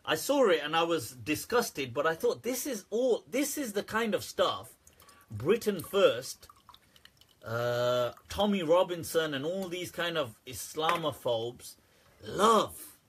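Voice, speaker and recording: A man with a slightly husky voice that sits a little high for a man hosts a relaxed livestream Q&A. He talks to his viewers in a candid, animated way and breaks into laughter often. His commentary sounds loose and conversational rather than scripted. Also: slow. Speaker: host answering viewer questions.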